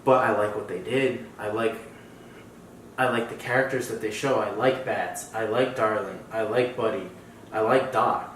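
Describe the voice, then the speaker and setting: A man's voice: lowish voice, fairly even intonation, normal speed, fairly bright tone, a little hiss or hum. A man co-hosting a movie review podcast, easygoing and agreeable. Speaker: podcast co-host. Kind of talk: casual movie review chat. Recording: echoey room, distant mic.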